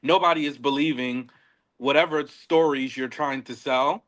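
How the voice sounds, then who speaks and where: A man co-hosting a casual recap podcast, animated, laughing often and stumbling over repeated words. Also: medium pitch, normal speed. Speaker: podcast co-host. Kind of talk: casual reality-show recap chat.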